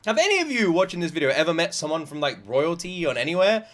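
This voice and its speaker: A man's voice: a little high, very animated, fast, a bit bright. A man from Britain reacting casually to a comedy clip, rambling with lots of fillers. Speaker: reaction video host.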